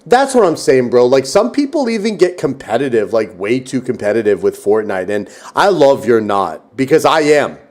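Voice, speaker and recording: A man's voice: medium pitch, expressive, normal speed, hardly any pauses, a little mellow. A young man hosting a stream, chatting casually in a playful, teasing way. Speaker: streamer host. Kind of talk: casual chat.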